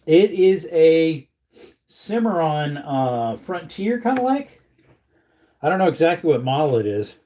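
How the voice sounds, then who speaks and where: A man's voice: on the high side, warm tone. A man hosting a casual livestream, joking with viewers and reading the chat aloud while he works. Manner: joking, chatty, reads chat aloud, puts on silly voices. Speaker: livestream host reloading ammunition.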